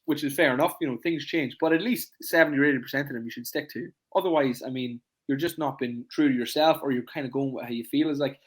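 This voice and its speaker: A man, a fitness coach hosting a casual podcast, talking emphatically and leaning on "it's like" again and again. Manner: rapid, emphatic, repeats "it's like" constantly; acts out clients in high voices.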